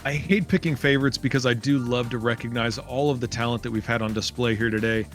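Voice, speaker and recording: A man's voice: mid-range voice, steady tone, quick pace, faint music behind. A man giving live commentary on an online spaceship race, chatty and upbeat with plenty of fillers.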